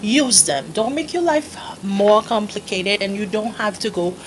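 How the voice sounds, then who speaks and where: A woman's voice: mid-range voice, lively intonation, a little slow, a little hiss or hum, poor audio. Chatty woman cooking in her kitchen. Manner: chatty, laughs at herself, talks to viewers as "guys". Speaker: home cooking vlogger. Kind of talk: casual cooking demonstration. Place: home kitchen.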